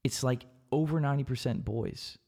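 A man hosting a casual podcast chat about politics, talking in an animated way and mimicking public figures. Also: mid-range voice, normal speed, creaky. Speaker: podcast host.

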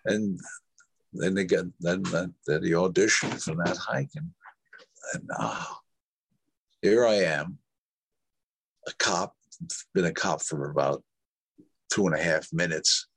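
A man's voice: deep voice, slow, vocal fry, long pauses, a bit bright, slight background noise. An older man, an actor guest, telling rambling stories in an interview, with restarts and quoted dialogue. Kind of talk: anecdotal interview storytelling.

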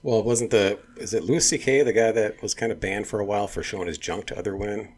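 A man's voice: lowish voice, fast talker. A man co-hosting a casual political talk show, who often stops to search for his words.

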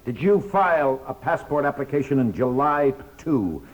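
A man directing a hearing's staff, questioning a witness in a formal, persistent, measured way. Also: medium pitch, animated, muffled recording.

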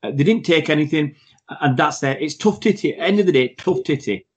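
A man's voice: on the high side, lively intonation, fairly quick, breathy edge. A man, a podcast co-host, giving blunt and outspoken opinions in a casual football chat.

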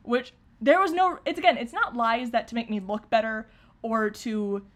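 A woman's voice: fairly high pitch, moderate pace. A young woman chatting casually as a podcast co-host, sounding nervous, rambling with fillers and restarts and laughing often. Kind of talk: casual chat.

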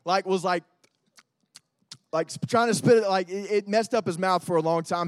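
A man's voice: high voice, fairly quick, dry recording, studio quality. A man, preaching to a youth group in a casual, storytelling way with lots of fillers. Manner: conversational, animated storytelling with many fillers. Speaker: youth pastor.

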